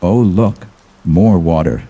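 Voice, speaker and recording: A man's voice: deep voice, slow, mellow, slightly rough, full character voice. A man voicing a bored young male sailor who wisecracks on watch, in a spoken horror story. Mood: bored joking.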